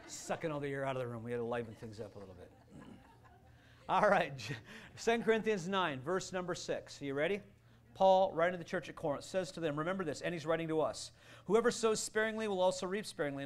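A man preaching a sermon as a pastor, animated and playful, with bursts of loud excitement. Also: fairly high pitch, fast. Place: church sanctuary.

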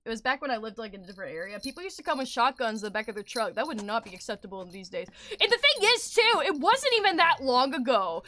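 Excitable high-voiced young woman streamer. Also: quick pace, few pauses. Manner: excitable, profane, rambling. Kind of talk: casual gaming commentary.

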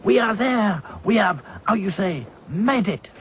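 A man's voice: sits high, lively intonation, unhurried, slight background noise, pitched above the performer's own voice. A man voicing a cheery male rag doll with a put-on French accent.

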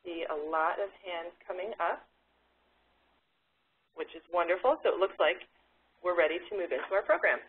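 Husky woman hosting a webinar, tinny line. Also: fairly low pitch, animated. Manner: measured, instructive, with slips. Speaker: webinar host. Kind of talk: reading housekeeping instructions. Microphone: video call.

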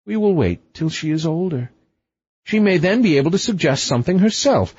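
Shrill fretful queen, a man's put-on voice. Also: lively intonation, fairly quick, darkish tone, husky, dry recording, dull audio. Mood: soothing. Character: fretful, sharp-tongued queen, middle-aged.

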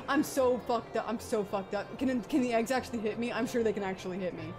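A woman's voice: on the high side, fast, hardly any pauses. A young woman streaming a video game live, panicking, swearing and laughing as she plays. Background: game music.

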